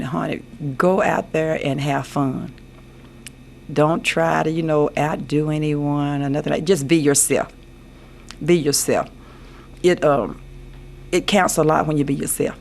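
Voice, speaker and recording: A woman's voice: deep voice, steady tone, unhurried, creaky, pauses often, a little mellow. An older woman, a senior pageant queen, answering radio interview questions in an earnest way, often repeating her phrases. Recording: AM radio broadcast with faint noise.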